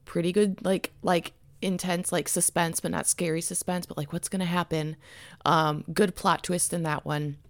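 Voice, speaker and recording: A woman's voice: lowish voice, little pitch movement, moderate pace, no echo. A woman co-hosting a podcast in casual, rambling chat, giggling and swearing freely, in her just-woken morning voice. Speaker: podcast co-host.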